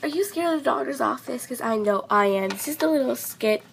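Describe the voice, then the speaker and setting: A girl hosting a toy skit channel chats to viewers in a casual outro. Her voice is high with a gravelly texture, and she talks slowly. Faint background hiss. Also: lively intonation. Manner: chatty, giggly. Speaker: channel host.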